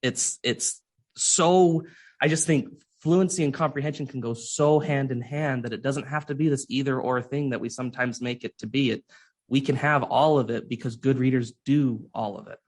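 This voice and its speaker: A man's voice: mid-range voice, steady tone, normal speed, a little mellow. A man discussing reading instruction as a podcast guest, earnest and thinking aloud with frequent restarts. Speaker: literacy researcher guest.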